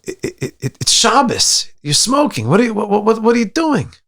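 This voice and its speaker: A man putting on a sputtering, high-pitched scolding rabbi. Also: big pitch swings, normal speed, a bit bright, exaggerated voice. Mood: exasperated. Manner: sputtering, stammering disbelief. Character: flustered scolding male rabbi.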